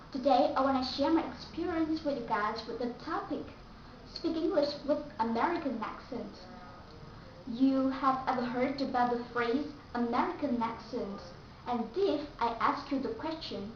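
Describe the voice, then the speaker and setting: A high-voiced woman with a Vietnamese accent teaches a slow, careful English pronunciation lesson, repeating each example word. She sits some distance from the mic in a very echoey room, and the sound is dull and muffled. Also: slight background noise.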